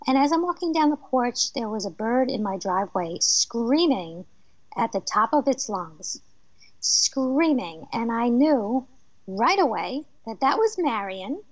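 A fairly high-pitched woman from New Jersey tells her stories in a lively way and laughs often, as a guest on a radio interview. The sound is dull and muffled, and it is dry with no room echo. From New Jersey, USA. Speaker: medium and author, guest.

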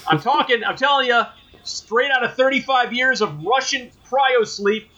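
A man co-hosting a casual podcast, talking in an animated way with lots of swearing and stammered restarts. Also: very high-pitched, normal speed, muffled recording. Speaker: podcast co-host.

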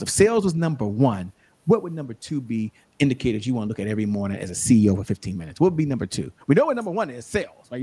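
A man speaking as an interview guest, telling animated stories and giving motivational encouragement in a conversational style. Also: mid-range voice, breathy edge. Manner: animated storyteller, preachy encouragement. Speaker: guest, show host and sales coach.

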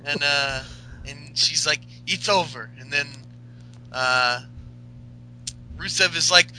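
A man's voice: fairly high pitch, slow pace, bright, forceful tone, a little hiss or hum, low-quality recording. A man co-hosting a podcast, recapping in crude, rambling casual banter. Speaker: podcast co-host.

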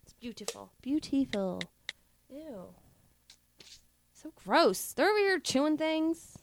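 A woman co-hosting a podcast in easy banter. Her voice sits high and swoops up and down, and she giggles through much of what she says. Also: very animated, slow pace, a little hiss or hum, poor audio. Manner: giggly, laughs often. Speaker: podcast co-host. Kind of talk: casual chat.

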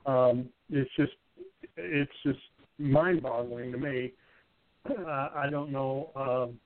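A man's voice: mid-range voice, steady tone, takes it slowly. A man calling in to a poetry radio show, hesitant and groping for words. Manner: hesitant, full of fillers and restarts. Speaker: caller commenting on a poem. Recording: tinny phone line with faint noise.

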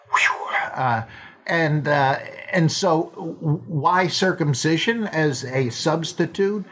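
A man hosting a podcast, talking off the cuff in a slow, rambling way, full of fillers and restarts, now and then acting out quoted lines in playful voices. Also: on the high side, a bit bright. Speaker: podcast host answering listener questions. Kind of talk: unscripted monologue.

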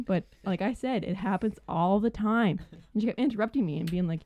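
A young woman telling a work story casually on a podcast, animated and full of "like" fillers. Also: mid-range voice, a little fast, few pauses, dry recording.

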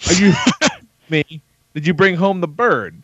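His voice sits high and a bit bright, with a measured pace and a little hiss or hum in the background. The man, a podcast host in his thirties, tells a story through casual, profane chat rich in quoted dialogue, on dull lo-fi audio.

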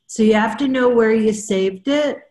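A woman spiritual counselor chatting casually on a group video call, explaining in an unhurried way and often repeating herself. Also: fairly high pitch, a little mellow. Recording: roomy echo.

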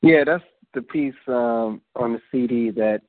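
A man's voice: mid-range voice, measured pace, dry recording. A man hosting a call-in poetry radio show, chatting casually and loosely. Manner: relaxed, repeats "you know what I'm saying". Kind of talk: casual chat. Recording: phone line.

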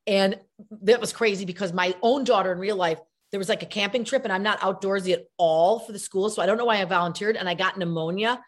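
Talking fast in a mid-range voice, this middle-aged actress and comedian is an animated storyteller on an interview, voicing the quotes she relays.

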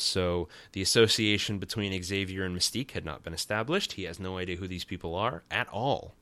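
A man's voice: deep voice, pushed and bright, no echo. A man hosting a podcast, giving a rambling, wry and sarcastic recap of a cartoon episode. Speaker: podcast host.

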